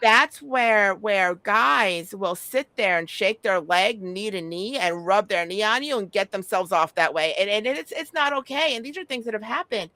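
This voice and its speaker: A woman's voice: medium pitch, lively intonation, normal speed, few pauses, pushed and bright, no echo. A middle-aged woman talking in a casual chat, telling stories bluntly and animatedly, with frequent swearing.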